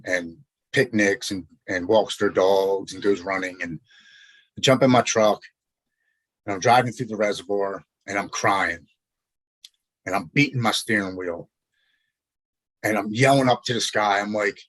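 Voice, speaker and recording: Low-voiced man in his forties, earnest and halting. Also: steady tone, fairly bright tone, no room sound. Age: 40s. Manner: earnest, halting storytelling with frequent restarts. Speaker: podcast guest. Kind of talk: personal recovery story in conversation. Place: Maryland.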